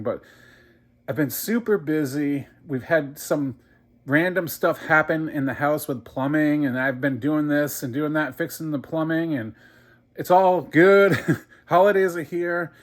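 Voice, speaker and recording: A middle-aged man talking casually to his viewers in a rambling home vlog, filmed with a handheld camera. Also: a little high. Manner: chatty, rambling, addresses viewers as "you guys". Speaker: gaming YouTuber. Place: indoors at home, then outdoors in wind. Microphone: handheld camera mic.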